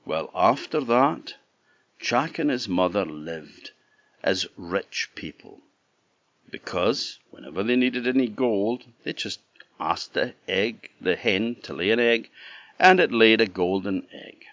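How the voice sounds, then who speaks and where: A man from the Orkney Islands, telling a traditional fairy tale in an animated, conversational way with asides to the listener, on a dull, dry lo-fi recording. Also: on the low side, takes it slowly, no echo. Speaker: storyteller. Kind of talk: traditional oral storytelling.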